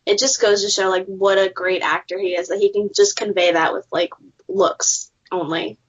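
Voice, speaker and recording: A woman's voice: medium pitch, little pitch movement, normal speed, breathy edge. Chatty young woman, lo-fi sound. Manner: chatty, lots of "like" fillers. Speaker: podcast co-host. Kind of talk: casual fan chat. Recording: dull lo-fi sound.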